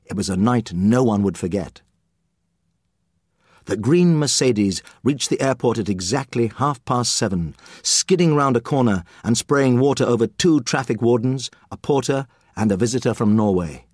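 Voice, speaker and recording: A man reading a children's story aloud as an audiobook narrator, with lively, expressive storytelling. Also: mid-range voice, moderate pace, breathy edge, dry recording, studio quality.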